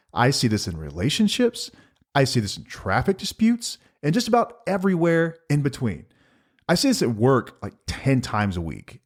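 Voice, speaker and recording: Guy in his 40s, podcast host, voice jumps all over, a bit sarcastic. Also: medium pitch. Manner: sarcastic, emphatic storytelling. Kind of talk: casual podcast chat.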